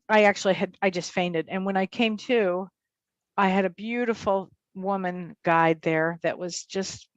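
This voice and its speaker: A woman, a psychotherapist, telling a personal story in a talk-show interview, animated and acting out voices. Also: dry recording, muffled recording. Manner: animated, acts out quotes in high voices. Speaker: psychotherapist and medium guest.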